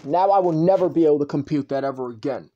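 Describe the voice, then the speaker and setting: A man with a noticeably high-pitched voice, talking straight into the camera in a vlog rant. He circles back over the same complaints again and again, swearing freely as he goes. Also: quick pace, dark tone, muffled recording. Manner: repetitive, swearing, ranting address to YouTube. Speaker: channel owner.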